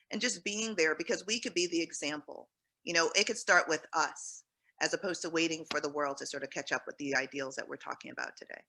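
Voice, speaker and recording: A woman's voice: low-pitched, steady tone, a little fast, bright, forceful tone, rough recording. A woman speaking on a panel in an earnest, encouraging, emphatic way. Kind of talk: panel discussion.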